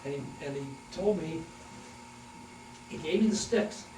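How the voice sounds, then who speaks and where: An older man giving a folksy talk to a local historical society, halting often with fillers as he reminisces. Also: fairly high pitch. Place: hall at a historical society meeting. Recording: echoey room, distant mic, noisy.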